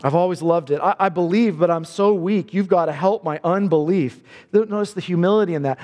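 A man's voice: sits high, a little fast, few pauses, a little mellow. A male pastor preaching a sermon in a church, earnest and building to fervent emphasis. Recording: long reverb of a large hall.

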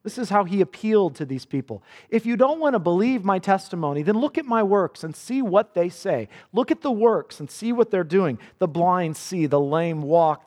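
A man's voice: on the high side, darkish tone, long reverb tail. A male pastor preaching a sermon with earnest emphasis, quoting scripture dramatically.

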